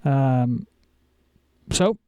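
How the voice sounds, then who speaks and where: A man co-hosting a casual podcast, enthusiastic and quick to laugh, often restarting his words. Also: mid-range voice, animated, mellow, clear, resonant tone, dry recording, studio quality. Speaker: podcast co-host.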